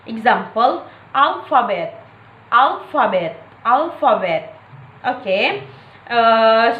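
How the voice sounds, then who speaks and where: A woman with a Malay first language speaks in a high voice, slowly and haltingly, in an echoey room. She fills her pauses with "okay" and "uh" and says each example word several times. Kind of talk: classroom presentation on English stress.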